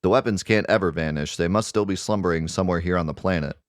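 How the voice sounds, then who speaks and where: Man voicing a gentle young game mother, soft and earnest, dry sound. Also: low voice, quick pace, dry recording, close to an everyday voice. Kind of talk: reading game dialogue aloud.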